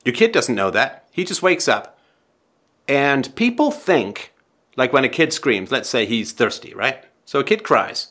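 A man hosting a call-in advice show, talking in an animated, dramatic way and acting out scenes to make his point. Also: mid-range voice, a little slow. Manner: animated, dramatic, acts out scenarios.

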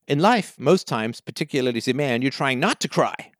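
A man's voice: fairly high pitch, fast talker, hardly any pauses, no room sound, clean studio sound. A man hosting a call-in show, giving advice and telling stories while acting out the quoted voices. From Canada. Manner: animated storyteller, acts out quoted voices. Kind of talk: advice talk to a caller.

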